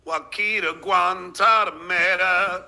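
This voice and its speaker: A man's voice: high-pitched, steady tone, slow pace, creaky, bright, forceful tone. A man hosting a podcast, giving casual live commentary over a clip in a sarcastic, needling way and cutting in often. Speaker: podcast host reacting to a clip.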